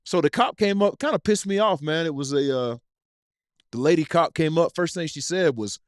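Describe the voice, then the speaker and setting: A man, telling an animated, profane story as a podcast guest. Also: mid-range voice, fast talker, no room sound, studio quality. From East Tennessee. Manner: animated, profane, acts out scenes in his stories. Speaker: podcast guest, former football player. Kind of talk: casual storytelling chat.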